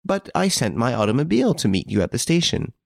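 A man voicing an excitable, effusive middle-aged French château owner who pleads anxiously. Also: mid-range voice, fast, vocal fry, no echo, studio quality, voice pushed up.

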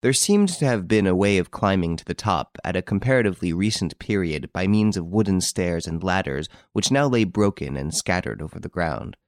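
A man reads a classic novel aloud with a fairly low voice and a lively, animated storytelling manner. The close, dry recording leaves no room sound at all. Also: fairly quick, hardly any pauses, dry recording. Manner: expressive, varied storytelling delivery. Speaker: audiobook narrator. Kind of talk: scripted narration.

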